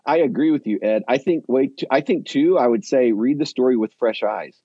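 A man, a pastor, chatting on a panel and telling a Bible story with lively, acted-out quotes. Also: medium pitch, moderate pace, no echo. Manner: animated storyteller who acts out quotes. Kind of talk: casual panel chat. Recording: husky, dull, dry sound.

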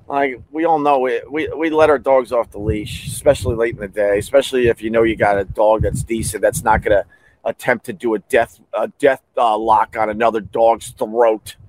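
Animated man telling a story. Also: poor audio. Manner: animated, acts out quotes with big pitch jumps; repeats words and restarts often. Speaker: podcast host. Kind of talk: casual storytelling.

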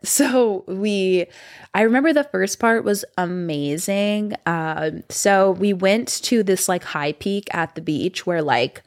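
A woman's voice: mid-range voice, slow. A young woman casually telling a long rambling story to her viewers, full of fillers and asides. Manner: chatty and rambling, lots of fillers, animated voices in quotes. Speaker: vlogger.

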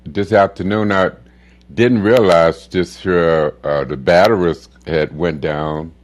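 A man talking as a guest in a casual chat, halting with many fillers and soft laughs. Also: low voice.

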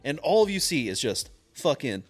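A man co-hosting a casual podcast, telling crude stories with lots of swearing and quick mimicked voices. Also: fairly high pitch, breathy edge, faint music behind. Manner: animated storyteller, mimics voices mid-story. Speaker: podcast co-host.

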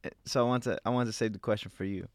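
A man's voice: fairly low pitch, steady tone, dry recording, studio quality. A man co-hosting a podcast in casual chat, teasing his friends and throwing out questions. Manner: teasing, quick banter and questions. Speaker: podcast co-host.

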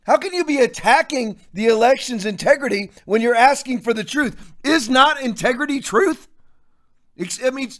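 A man's voice: sits high, a bit bright. A man hosting political commentary, ranting with fiery rhetorical questions. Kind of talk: impassioned commentary rant.

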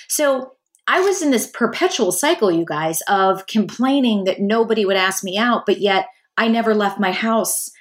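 A woman's voice: mid-range voice, expressive, moderate pace. A middle-aged woman hosting a podcast, telling a personal story in a candid, chatty way and talking straight to her listeners. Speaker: podcast host.

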